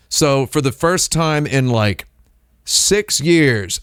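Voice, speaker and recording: A man hosting a live stream, talking in a rambling, deadpan comedic monologue and playing with made-up words. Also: slow, no echo, clean studio sound. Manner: deadpan, playful with invented words, lively pitch swings. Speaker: streamer host.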